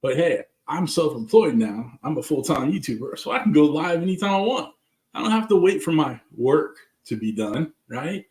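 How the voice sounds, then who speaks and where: A man's voice: a little high, lively intonation, normal speed, darkish tone, echoey room. A man with a Southern California accent hosting a casual live cooking stream, chatting loosely and greeting viewers by name. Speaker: cooking channel host. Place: backyard, outdoors.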